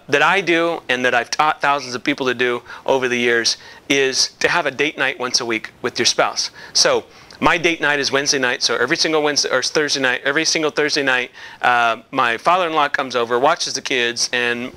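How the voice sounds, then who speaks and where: A man's voice: mid-range voice, bright, forceful tone. A man giving a casual, rambling video message to his company's past clients, with many fillers and restarts.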